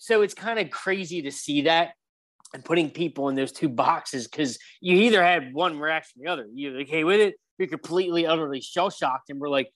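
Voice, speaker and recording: A man co-hosting a casual sports chat, talking in animated bursts with plenty of fillers. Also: sits high. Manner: animated, quick bursts of excitement, many fillers. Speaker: podcast co-host.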